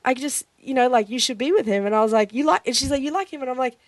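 Fast-talking young woman telling a story. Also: sits high, no room sound. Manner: chatty, animated storytelling with "like" and acted-out quotes. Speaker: guest sharing a testimony. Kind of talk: casual chat.

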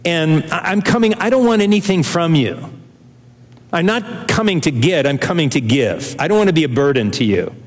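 A man's voice: on the high side, expressive, moderate pace. An older man, a pastor, preaching a sermon in an earnest, conversational way, repeating phrases for emphasis. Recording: long reverb of a large hall.

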